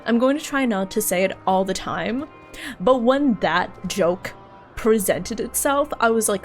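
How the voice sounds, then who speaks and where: A woman chats her way through a game on a live stream, giggling and playful, with a slow pace and a rather high, animated voice. Faint game music runs underneath. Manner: giggly and playful, chats with viewers and drills pronunciations.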